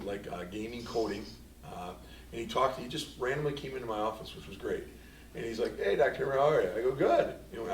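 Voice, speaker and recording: At a board meeting, a superintendent with a lowish male voice wanders through anecdotes in his report, quoting himself and a former student. The meeting room recording is echoey, with a distant mic, faint ambience, and slight background noise.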